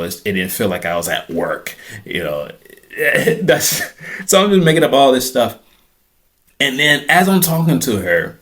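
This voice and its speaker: A man's voice: lowish voice, a bit bright. A young man hosting a podcast, telling a story casually and acting out other people's lines in a raised voice. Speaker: podcast host.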